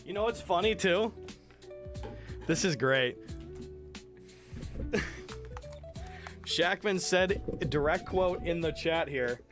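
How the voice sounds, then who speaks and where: A man's voice: high-pitched, slow, pauses often, over music. A man chatting casually on a live stream while sick, reading chat, thanking viewers by name and swearing freely.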